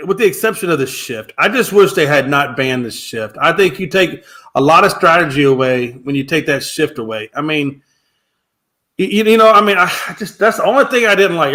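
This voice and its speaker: A man's voice: fairly high pitch, bright, forceful tone. A man co-hosting a sports talk show, opinionated and rambling with many restarts.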